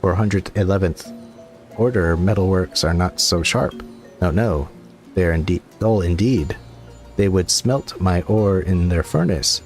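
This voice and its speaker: A man's voice: low voice, measured pace, a little mellow, soft background music. A man voicing a sly, boastful little male kobold miner who mutters and repeats himself. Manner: sly, repetitive, mutters asides.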